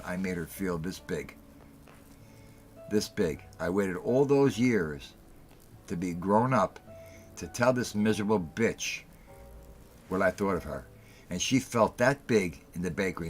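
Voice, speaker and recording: A middle-aged man with a low, deep voice hosts a casual talk show. He tells his stories bluntly and heatedly, swears freely and repeats lines to drive them home. Faint music plays behind him. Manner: heated storytelling, blunt and profane, repeats himself for emphasis. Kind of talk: casual call-in show monologue.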